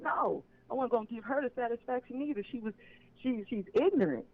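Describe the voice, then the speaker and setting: Calling in to a live stream over a dull, lo-fi phone line, a man with a notably high voice speaks expressively and fairly quickly. He tells his story emphatically with a clear sense of grievance, pressing each point home.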